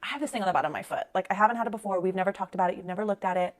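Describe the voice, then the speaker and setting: Fast-talking woman telling her story. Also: medium pitch, fairly even intonation. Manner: rapid, conversational, full of "like" fillers. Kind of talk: personal storytelling.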